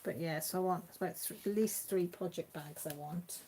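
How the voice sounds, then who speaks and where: A woman's voice: on the low side, a little fast, warm tone, breathy edge. A woman hosting a live chat stream, chatting casually and rambling with many restarts, sounding tired.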